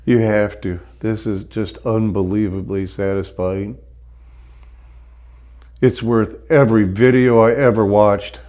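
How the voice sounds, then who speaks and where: A man's voice: on the low side, steady tone, takes it slowly, a little mellow. A man reacting as a chiropractic patient, emotional and relieved, exclaiming and sighing in awe. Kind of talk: spontaneous reactions during treatment.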